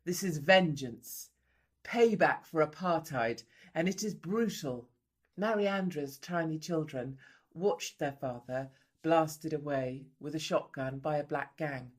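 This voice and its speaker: A woman reporter giving grave, emphatic scripted documentary narration. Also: low-pitched. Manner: grave, emphatic, measured delivery.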